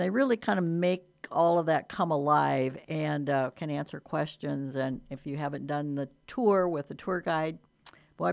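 A woman's voice: deep voice, creaky. A woman hosting a local radio interview, chatty and friendly with her guest. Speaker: radio host.

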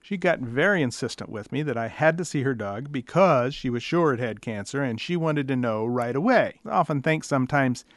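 A man's voice: medium pitch, lively intonation, brisk, few pauses, no echo. Wry middle-aged male vet, dry. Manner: dry, wry anecdotes with quoted callers. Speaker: veterinarian. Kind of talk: storytelling monologue.

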